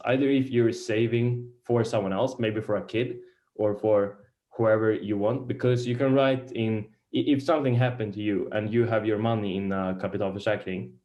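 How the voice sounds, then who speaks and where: Halting low-voiced man lecturing. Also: dark tone. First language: Swedish. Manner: halting, searches for words, many restarts. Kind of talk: beginner investing lecture. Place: lecture room.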